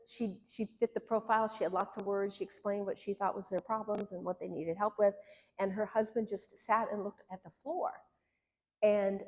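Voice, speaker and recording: A woman's voice: medium pitch, darkish tone. A woman, a marriage therapist, teaching a workshop in an earnest, conversational way, acting out the lines she quotes. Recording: long hall reverb.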